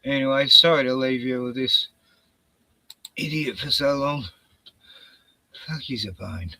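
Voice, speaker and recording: Gravelly, slow Australian man, breathless. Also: mid-range voice, pushed and bright, dry recording. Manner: rambling, profane, sighing. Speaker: livestream host. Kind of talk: casual late-night chat.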